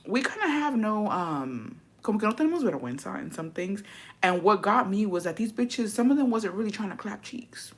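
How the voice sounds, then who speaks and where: A woman's voice: mid-range voice, expressive, a little fast. A woman from chatting casually to her viewers, profane and dramatic, dropping Spanish phrases into her English. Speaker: vlogger. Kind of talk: casual chat to camera.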